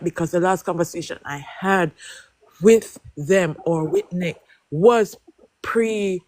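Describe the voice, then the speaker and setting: A woman's voice: lowish voice, slow, darkish tone, dry recording. A woman speaking as a panelist, emotional and heartfelt, apologizing as she goes. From Jamaica. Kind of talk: live panel discussion.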